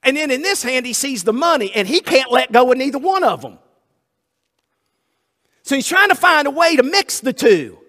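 High-voiced preacher in a reverberant hall. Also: male voice, sing-song, moderate pace, pauses often, sharp tone. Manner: folksy storytelling, repeats words, acts out voices. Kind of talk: sermon.

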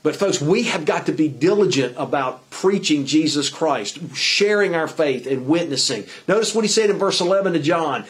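A man preaching a sermon in an earnest, halting way, with many fillers and restarts. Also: on the high side, animated. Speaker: pastor.

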